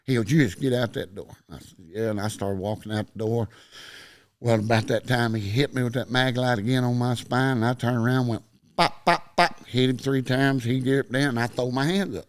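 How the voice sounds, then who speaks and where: A man's voice: mid-range voice, steady tone, brisk, no room sound. A middle-aged man with a Texan accent, a podcast guest telling a long story in casual chat and acting out every quoted line.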